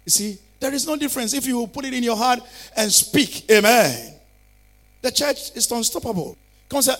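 A man's voice: very high voice, moderate pace, a bit bright. A male pastor preaching a fervent sermon, calling on listeners to repeat declarations after him.

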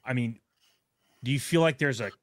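A man's voice: mid-range voice, moderate pace, dry recording. A man hosting a podcast, asking long, loose questions full of fillers and restarts. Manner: asks long questions with fillers and self-corrections. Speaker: podcast host. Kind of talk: casual podcast chat.

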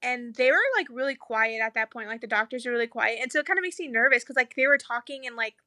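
A woman's voice: a little high, fast, bright, forceful tone, no room sound, studio quality. A young woman casually telling her birth story, chatty and full of "like", acting out what people said. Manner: chatty, heavy use of "like", acts out quoted lines. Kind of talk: casual chat.

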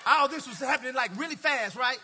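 A male pastor telling a story from the pulpit in an animated, playful way, laughing and talking straight to the congregation. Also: very high voice, a little fast, slight background noise. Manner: colloquial, drawling "y'all" and "ain't". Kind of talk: storytelling sermon.

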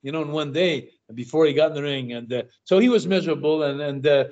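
An older man, a guest in an interview, telling animated anecdotes in casual talk, often stammering and repeating his words. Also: a little high, quick pace. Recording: dull lo-fi sound.

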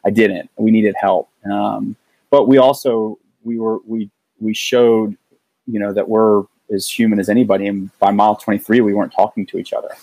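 A middle-aged man telling a personal story in casual conversation, earnest and halting, often restarting his sentences. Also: on the low side, level tone, warm tone, no echo, rough recording. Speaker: guest.

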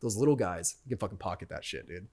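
A man's voice: low voice, animated, fast, a little mellow. Easygoing male podcast guest, surfer, loose slangy delivery. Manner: laid-back, slangy, swears. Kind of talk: casual podcast chat.

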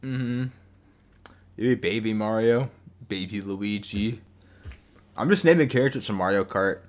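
A man co-hosting a podcast in animated, joking casual chat. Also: lowish voice. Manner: animated, joking, quick to laugh. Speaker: podcast co-host.

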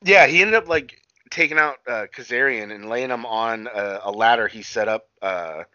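A man rambles through a loose, profane recap, stumbling over fillers and restarts. His voice is bright and forward. The sound is dry and a little dull, as if from a modest home mic. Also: medium pitch, animated, normal speed, dry recording. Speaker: podcast co-host recapping wrestling. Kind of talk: casual chat.

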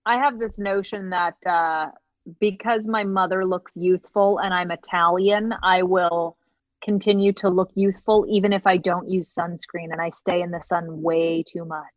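A woman's voice: on the low side, steady tone, normal speed, no echo, highs cut off. A woman joining as a podcast guest, joking and teasing in casual chat. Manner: playful, teasing, jokey.

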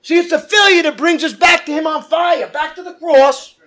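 Pastor guy preaching hard in church, real high voice, fired up. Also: moderate pace, a bit bright. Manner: fervent preaching with call-outs to the congregation. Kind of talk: sermon.

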